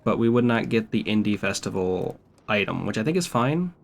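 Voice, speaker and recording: A man's voice: on the low side, sing-song, fairly quick, vocal fry. A man streaming a video game, talking casually with wry, profane remarks. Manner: profane, wry and laid-back. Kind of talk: casual gameplay commentary.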